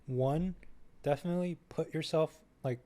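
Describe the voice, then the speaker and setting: A man's voice: fairly high pitch, normal speed, mellow. Easygoing young male podcast guest. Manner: easygoing, agreeable, lots of short affirmations. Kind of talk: casual podcast chat.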